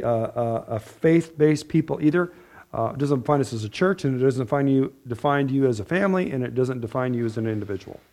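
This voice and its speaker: Brief: male pastor, higher-pitched voice, casual joking sermon style. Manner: chatty, asks the room "right?", laughs at own jokes. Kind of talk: conversational sermon.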